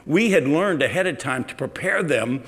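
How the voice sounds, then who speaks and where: Middle-aged pastor, slightly high voice, easygoing storytelling sermon. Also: male voice, animated, normal speed. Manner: conversational storytelling, sometimes drops to a quiet, low delivery.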